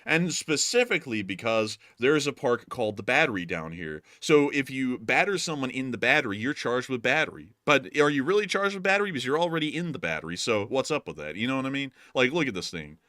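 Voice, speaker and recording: A man's voice: medium pitch, big pitch swings, quick pace, few pauses, no echo, clean studio sound. A man with a Southern American accent co-hosting a casual, joking chat and riffing on bits with his partner. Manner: jokey, laughs often, puts on loud voices for bits. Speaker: co-host.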